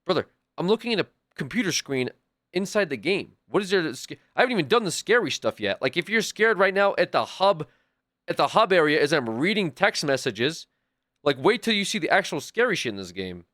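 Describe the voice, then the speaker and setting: High, lively male streamer ranting at chat. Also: fairly quick, no echo, clean studio sound. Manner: frequent swearing. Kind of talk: live gaming stream commentary.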